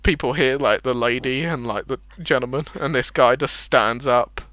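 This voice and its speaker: A man running a tabletop game as game master, relaxed, laughing often and trailing off into fillers. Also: medium pitch, moderate pace.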